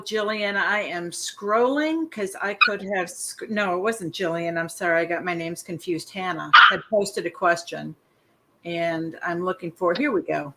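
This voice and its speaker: A woman's voice: fairly low pitch, heavy background noise. A woman hosting a casual live stream, chatting and reading out viewers' questions. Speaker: host.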